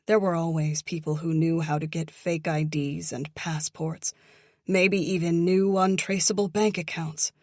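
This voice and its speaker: A woman narrating a thriller audiobook in a slow, measured, somber manner, close to the mic. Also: lowish voice, dry recording. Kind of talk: scripted narration.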